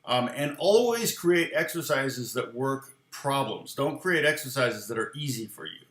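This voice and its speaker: An American guitar teacher gives a casual lesson from his home studio, rambling and answering viewers' comments along the way. His medium-pitched voice is expressive, unhurried and fairly bright. The recording has an echoey room sound with guitar playing.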